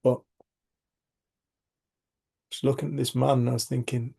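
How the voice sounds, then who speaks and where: A man's voice: mid-range voice, little pitch movement, unhurried, gravelly, warm tone, slightly rough. A middle-aged man hosts a community group. He tells personal stories in a frank, rambling way, restarting sentences and swearing casually. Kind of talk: reflective personal storytelling.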